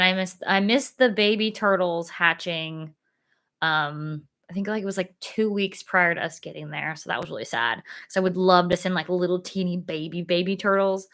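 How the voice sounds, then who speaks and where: A young woman hosts her own live stream, chatting in a casual, excited way full of fillers and laughter, punctuated by sudden high squeals.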